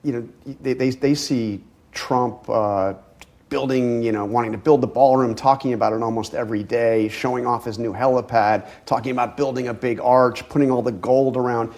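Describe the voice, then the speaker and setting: Man, interviewer, pressing questions, mid pitch, halting restarts. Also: steady tone, a little mellow. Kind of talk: political interview.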